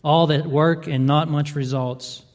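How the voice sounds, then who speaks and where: A man's voice: on the high side, fairly even intonation, measured pace. A male pastor delivering a sermon, building emphasis with repeated rhetorical questions. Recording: reverberant hall.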